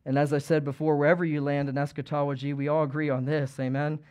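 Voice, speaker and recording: A man with a high voice preaching a sermon to his congregation. He moves between quiet, earnest pleading and loud, fervent calling out. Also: level tone, fast talker, smooth. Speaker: pastor.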